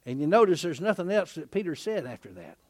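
A middle-aged man preaching a lively sermon in a folksy way. He laughs often, asks his listeners "isn't that right?" and acts out the people in the passage he is reading. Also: on the high side, quick pace. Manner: animated, folksy, laughing often, acting out quotes.

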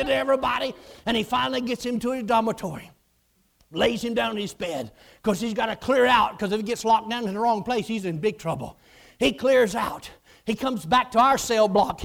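A man preaching a lively story, acting out voices and often shouting. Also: very high voice, vocal fry. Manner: animated, acts out voices, shouts and laughs. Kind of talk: storytelling sermon.

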